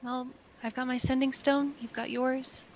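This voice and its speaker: A woman playing in a tabletop game, speaking in character softly and earnestly. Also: high-pitched, level tone, normal speed. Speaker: player. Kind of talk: in-character role-play.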